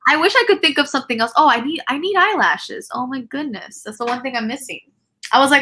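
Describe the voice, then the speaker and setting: A woman's voice: sits high, lively intonation, fast, sharp tone, low-quality recording. A woman chatting casually as a guest on a live makeup stream over a video call, giggling often and trailing off mid-sentence. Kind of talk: casual chat.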